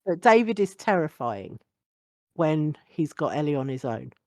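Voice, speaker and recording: A woman's voice: deep voice, very animated, moderate pace, a little mellow, no room sound. A young woman chatting as a podcast guest, blunt and sweary, laughing often. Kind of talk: casual podcast chat.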